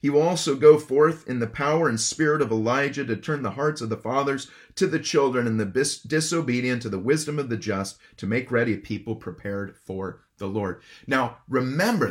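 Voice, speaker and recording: A man's voice: mid-range voice, brisk, hardly any pauses. A man preaching an expository sermon, earnest and emphatic, asking his listeners questions. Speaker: pastor.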